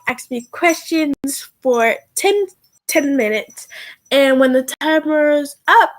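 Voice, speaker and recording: A woman voicing a calm female magic teacher. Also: high-pitched, rough recording.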